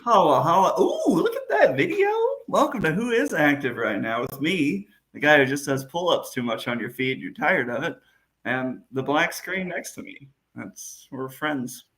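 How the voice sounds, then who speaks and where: Male co-host on a casual stream, animated pitch, playful teasing. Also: moderate pace. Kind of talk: casual livestream chat.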